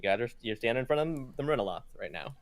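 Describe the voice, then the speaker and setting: A hoarse man losing his voice, narrating a tabletop game as game master in a soft, halting way. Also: medium pitch, animated, no echo. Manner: soft-spoken, halting with fillers.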